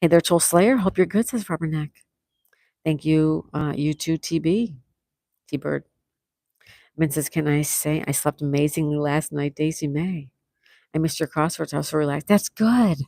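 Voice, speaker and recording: Gravelly-voiced woman chatting on a livestream. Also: deep voice, steady tone, a little slow, long pauses, warm tone, no room sound, clean studio sound. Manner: chatty, reads out viewer comments, laughs often. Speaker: livestream host. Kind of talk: casual livestream chat, reading comments.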